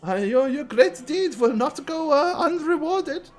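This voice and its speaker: A man voicing a fussy, excitable old male priest who stammers and gushes in a high, breathy voice. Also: a little slow. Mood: fawning.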